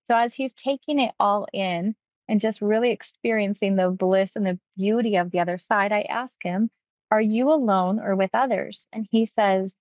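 A woman hypnotherapist recounting a client's session, talking quickly and acting out quotes. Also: medium pitch, dry recording, lo-fi sound. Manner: quick, animated retelling with acted quotes. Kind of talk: storytelling about a client session.

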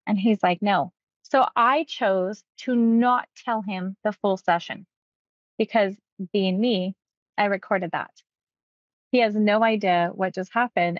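A woman's voice: medium pitch, no echo, dull audio. A woman hypnotist casually retelling a client session, acting out the quoted lines with animation.

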